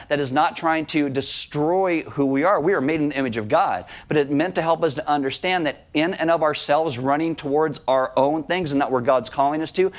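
A man delivers a sermon to his congregation, speaking in a conversational, self-deprecating way. His voice sits a bit on the high side for a man. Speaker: pastor.

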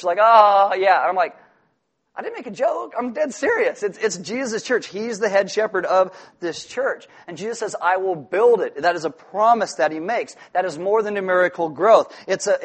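A male pastor preaching a sermon in an animated way, breaking off for joking asides to the congregation. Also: high-pitched.

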